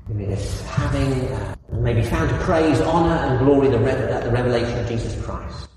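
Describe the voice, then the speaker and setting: A man preaching a sermon, animated, with rhetorical questions to the congregation. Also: mid-range voice, normal speed. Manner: animated, rising loud on key phrases, asks the congregation rhetorical questions. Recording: echoey hall from far off, faint noise.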